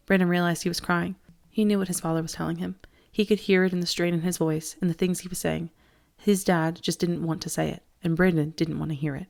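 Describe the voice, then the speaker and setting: A woman teacher reading a novel aloud with steady expression. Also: on the low side, brisk, creaky. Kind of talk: audiobook read-aloud.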